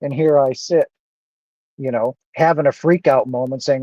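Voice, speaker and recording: Earnest man with a dark, emotional voice. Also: medium pitch, steady tone, normal speed, no room sound, lo-fi sound. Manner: earnest, emotional, repeats himself. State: emotional, close to tears. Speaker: vlogger. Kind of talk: emotional personal monologue.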